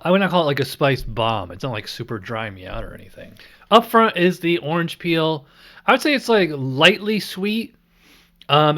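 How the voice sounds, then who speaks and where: Male host, casual review chat, middle-pitched, laid-back and rambling, thinks out loud. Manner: rambling, many fillers like "like" and "you know"; easygoing, thinking aloud.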